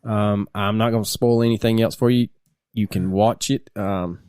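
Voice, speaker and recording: A man's voice: lowish voice, animated, moderate pace, darkish tone, no room sound, studio quality. A man, a podcast co-host and teacher, telling stories casually and laughing through them. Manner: laid-back, laughs through his stories. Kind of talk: casual storytelling chat.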